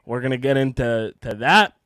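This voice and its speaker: Hoarse man hosting a sports podcast. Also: medium pitch, moderate pace, a bit bright, no echo, clean studio sound. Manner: ranting, self-mocking banter. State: hoarse, partly lost voice. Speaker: podcast host. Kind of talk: casual sports podcast talk. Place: home studio.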